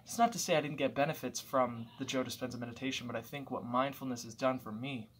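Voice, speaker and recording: A man's voice: medium pitch, quick pace, a bit bright. Guy rambling thoughtfully at home, mid-range voice, lots of restarts, faint room hum. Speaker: vlogger. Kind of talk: casual reflective monologue.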